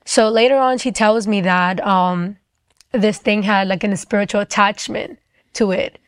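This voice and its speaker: A woman's voice: mid-range voice, fairly even intonation, a little slow, clear, resonant tone, no echo. A young adult woman sharing a personal faith testimony in a casual storytelling way, acting out the dialogue and often saying "like".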